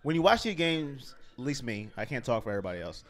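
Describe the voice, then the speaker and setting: A man's voice: mid-range voice, sing-song, quick pace, fairly bright tone. A man co-hosting a fan watch party stream, openly emotional and rambling about his team. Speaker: co-host and fan. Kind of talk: casual fan chat.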